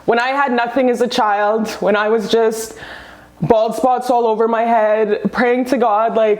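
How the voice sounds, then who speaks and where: A woman's voice: mid-range voice, steady tone, moderate pace. Woman, psychic reader, emphatic, salty language, mid-range voice, echoey room. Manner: emphatic, profane, calls listeners "baby" and "you guys". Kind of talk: motivational self-love monologue.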